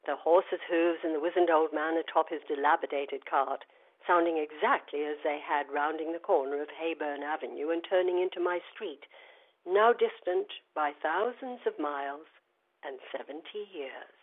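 A woman in her seventies reading from her memoir and musing on it in a wry, unhurried storytelling manner. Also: low-pitched. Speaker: memoirist giving a talk. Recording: tinny phone-line sound.

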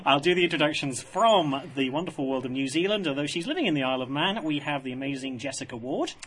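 Laughing male radio host, slightly high. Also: lively intonation, fast, a crowd in the background. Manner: laughing, eager introductions. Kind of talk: radio show hosting. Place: radio studio.

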